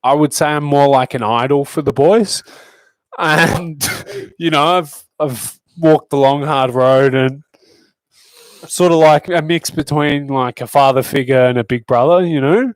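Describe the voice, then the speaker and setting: A man's voice: a little high, measured pace, no room sound. A young adult man with an Australian accent, a fighter guest chatting casually on a podcast, swearing a lot and bragging in jest. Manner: crude, swearing, boastful joking.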